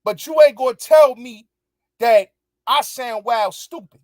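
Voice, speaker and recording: A man's voice: very high voice, a little slow, darkish tone, no room sound, clean studio sound. Angry, profane man ranting. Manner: angry, profane, repetitive, emphatic. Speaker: show host. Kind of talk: heated commentary rant answering viewers.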